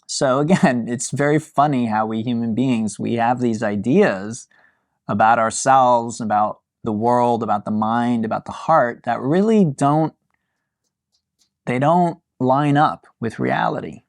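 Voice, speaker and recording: A man teaching a yin yoga class, talking to his students in a relaxed, musing way with light amusement. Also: medium pitch, measured pace, no echo, studio quality.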